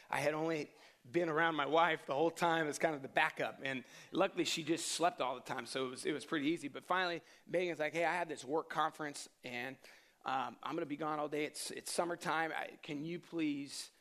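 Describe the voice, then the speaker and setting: A man's voice: fairly high pitch, pushed and bright. A young adult man preaching a sermon, praying and then telling a candid personal story with many restarts. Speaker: pastor.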